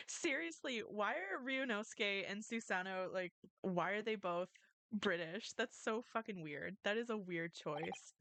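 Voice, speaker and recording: Laughing, slow-talking woman streamer. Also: medium pitch, expressive, creaky, a bit bright, no room sound. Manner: laughing, swearing, playful. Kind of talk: casual gameplay commentary.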